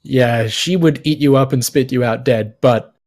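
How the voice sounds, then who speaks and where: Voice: mid-range voice, moderate pace, darkish tone. A game master narrating a tabletop game, often laughing while talking.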